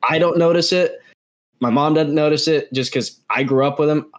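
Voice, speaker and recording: A man's voice: a little high, fairly even intonation, normal speed. Rambling young man in casual chat. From Texas. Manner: rambling, self-correcting. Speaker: podcast co-host.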